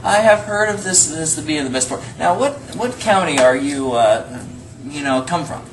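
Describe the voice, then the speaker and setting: A man's voice: on the high side, expressive, normal speed, background noise. A man hosting a goofy homemade mockumentary as a giggly mock interviewer. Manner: goofy, giggly, repeats "I've heard". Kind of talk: improvised comedy mockumentary. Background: music.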